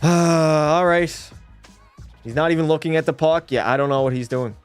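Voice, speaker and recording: A young man narrates his hockey gameplay for his stream in a slightly raised voice. He moves quickly from play-by-play to loud disbelief at every goal against him. Faint game music runs behind him. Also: on the high side, clear, resonant tone. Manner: excitable, swings to frustrated yelling at the game. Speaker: gaming streamer. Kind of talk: live gameplay commentary.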